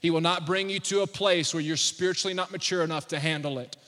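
A man preaching a sermon as pastor, fervent and exhorting, rising at times to shouts. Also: fairly high pitch, steady tone, quick pace, in a large hall.

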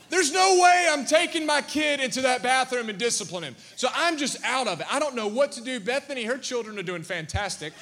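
Animated man preaching in a hall. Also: very high voice, brisk, hardly any pauses. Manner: animated storytelling with repeated restarts. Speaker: pastor. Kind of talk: sermon.

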